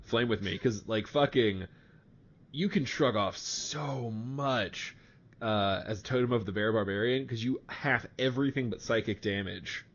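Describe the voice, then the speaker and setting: A man's voice: mid-range voice, unhurried, fairly bright tone. A man in a mid-range voice, running a tabletop game and tossing out crude, joking asides. The podcast audio is dull and lo-fi. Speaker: game master. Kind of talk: casual podcast banter.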